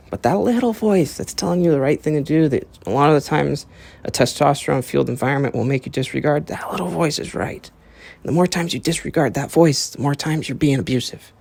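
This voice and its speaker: A young man hosts his own podcast in a medium-pitched, gravelly, slightly mellow voice. He rambles through a casual, profane monologue mixed with earnest lecturing.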